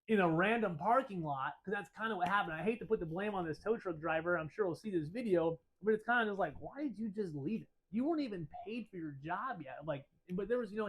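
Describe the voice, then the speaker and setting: A man with a slightly high voice tells a story straight to camera. He is animated and a bit profane, and he acts out both sides of his phone calls as he goes. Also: low-quality recording. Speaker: shop owner telling a story.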